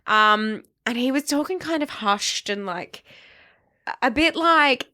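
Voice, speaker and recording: A woman's voice: high voice, lively intonation, measured pace, sharp tone. A woman with an Australian accent, a podcast guest and casting assistant, telling stories in a chatty way with many fillers. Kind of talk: casual chat.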